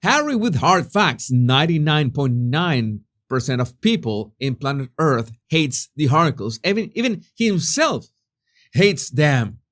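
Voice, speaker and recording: A man giving a sarcastic, profane commentary monologue, often restarting his sentences. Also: fairly high pitch. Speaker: commentary channel host.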